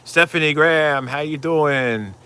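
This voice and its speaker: A man's voice: fairly high pitch, a little slow, pushed and bright, smooth. A middle-aged man hosting a casual live stream, rambling, swearing freely and reading out viewer comments. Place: Florida, outdoors.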